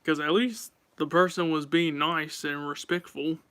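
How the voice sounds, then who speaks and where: A man's voice: a little high, fairly even intonation, measured pace, sharp tone, clear, resonant tone. A man chatting casually on a live stream, rambling and talking straight to his viewers.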